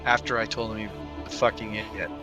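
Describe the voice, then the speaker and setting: A man's voice: lowish voice, little pitch movement, fast talker, over music. A man chatting brashly and profanely with his team in a gaming voice chat. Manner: brash and profane, laughs at his own stories.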